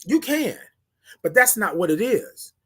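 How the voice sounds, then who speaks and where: A livestream morning show host gives an emphatic motivational talk, repeating key phrases and speaking straight to viewers, greeting them by name. The voice is medium-pitched, sing-song, bright, and forceful with a breathy edge, at a measured pace.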